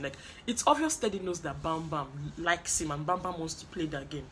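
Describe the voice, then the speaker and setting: A woman's voice: low voice, lively intonation, a little fast, a bit bright, slight background noise. A young Nigerian woman with a gossipy, chatty manner, recapping a reality show and acting out what the contestants said. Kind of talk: animated casual recap with acted quotes.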